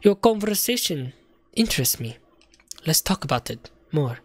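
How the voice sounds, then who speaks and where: A man voicing a cold, scheming female director villain in a video game, speaking slowly and menacingly in a lowered voice. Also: big pitch swings.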